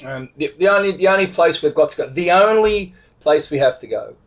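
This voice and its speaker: A man's voice: fairly high pitch, lively intonation, a little fast. A middle-aged Australian man casually retelling a road trip story, rambling, with many restarts. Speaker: vlogger telling a travel story.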